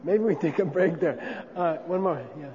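A man lectures a class in a relaxed, conversational way, often checking in with his listeners. His voice sits fairly high for a man. The sound is dull and lo-fi, with a long hall reverb and faint noise behind. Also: moderate pace. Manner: conversational, checks in with frequent 'okay?'. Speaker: teacher. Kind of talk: classroom lecture on Buddhist philosophy.

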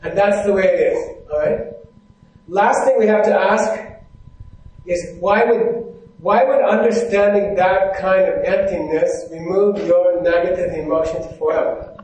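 A man's voice: high voice, steady tone, measured pace, darkish tone. A man giving a Buddhist teaching talk from a stage to a live audience, talking conversationally and often checking in with "right?". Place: stage in a large hall. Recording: very echoey hall.

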